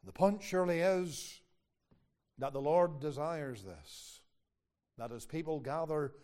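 A man's voice: fairly high pitch, takes it slowly, long pauses, a little mellow. A man preaching a sermon, earnest and emphatic, quoting Scripture at length. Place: home, away from the usual church.

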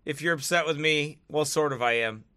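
A man's voice: fairly high pitch, a little fast, pushed and bright, clean tone. A man giving casual commentary to camera, mocking and often laughing between remarks, turning preachy when he gets serious. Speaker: online video commentator.

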